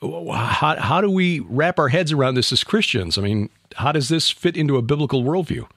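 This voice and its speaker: A man's voice: on the high side, expressive, moderate pace, fairly bright tone, no room sound, studio quality. Man hosting, asking long questions. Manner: asks long, informed lead-in questions. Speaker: podcast host. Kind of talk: casual podcast discussion.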